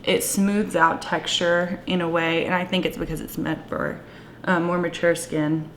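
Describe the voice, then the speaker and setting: A woman talking through her makeup in a casual, gushing vlog, with a playful put-on Southern twang and soft whispered asides. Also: on the low side, little pitch movement, a little slow, a little hiss or hum. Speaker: beauty vlogger. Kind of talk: casual makeup tutorial chat.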